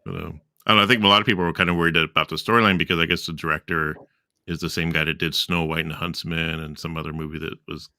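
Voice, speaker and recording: A man's voice: extremely low pitch, level tone, quick pace, pushed and bright, no room sound, studio quality. A man co-hosting a podcast, chatting in a laid-back, rambling way. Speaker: podcast co-host. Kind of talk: casual chat.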